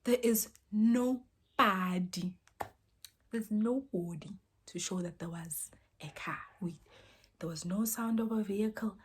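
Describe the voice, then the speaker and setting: A young woman tells a personal story casually, dropping to near-whispers and then bursting out loudly as she acts out what people said. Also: medium pitch, slow, husky. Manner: animated, swings between soft near-whispers and loud exclaimed quotes.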